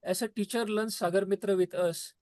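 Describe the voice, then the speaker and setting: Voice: mid-range voice, steady tone, brisk, darkish tone, no room sound. Earnest trainer on a video call. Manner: repetitive, emphatic, preachy phrasing. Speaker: trainer speaking to teachers.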